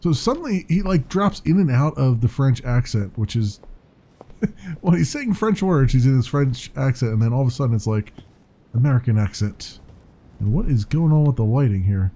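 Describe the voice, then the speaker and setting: A man's voice: mid-range voice, lively intonation, moderate pace, mellow. A man casually commenting while playing a video game, chatty and wondering aloud. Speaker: let's play commentator.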